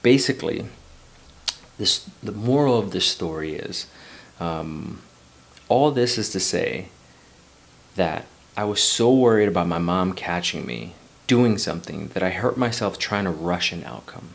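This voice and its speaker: A man's voice: sits low, expressive, a little slow, gravelly. A man in his forties from New York City telling a personal story in a loose, rambling way, swearing casually and drifting into life lessons. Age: 40s. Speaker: vlogger.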